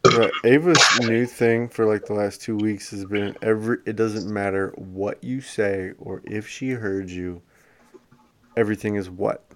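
Easygoing man with a lowish voice, swears, says "dude" a lot. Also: steady tone, unhurried, fairly bright tone, a little hiss or hum. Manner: laid-back, profane, says "dude" often. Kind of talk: casual chat.

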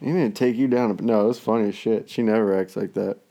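Low-voiced dad in his 30s, blunt, swears constantly, laughs along. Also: fairly even intonation, quick pace, gravelly, warm tone. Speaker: friend chatting, a dad. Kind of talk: casual chat.

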